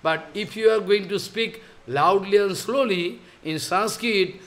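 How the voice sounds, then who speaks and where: High-voiced man telling a sacred story. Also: fairly bright tone. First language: Bengali. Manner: halting, repeats phrases, asks listeners if they follow. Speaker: religious teacher. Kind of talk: sermon storytelling.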